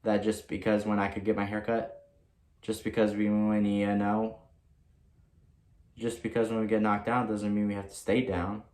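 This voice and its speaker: A man's voice: lowish voice, monotone, normal speed, pauses often, a little mellow. A man reading his own book aloud in a casual way, repeating lines and adding asides. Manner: reads loosely, repeats lines, breaks into chants and remarks. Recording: roomy echo.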